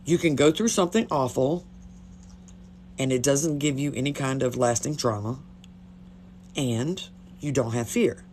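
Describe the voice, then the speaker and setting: A woman's voice: a bass voice, unhurried, pauses often, a little mellow, a little hiss or hum. A woman talking casually on a phone livestream, blunt and chatty, swearing freely. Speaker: livestream host.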